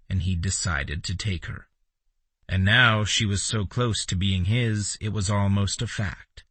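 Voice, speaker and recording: A man narrating a romance audiobook in a measured, intimate reading. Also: fairly low pitch, fairly bright tone, no room sound. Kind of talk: scripted narration.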